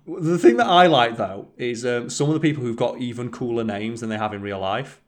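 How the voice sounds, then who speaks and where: A man's voice: mid-range voice, brisk. A man co-hosting a podcast, chatting casually, swearing freely and telling rambling stories. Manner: rambling storyteller, swears freely, mimics people in quotes. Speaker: podcast co-host. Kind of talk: casual chat.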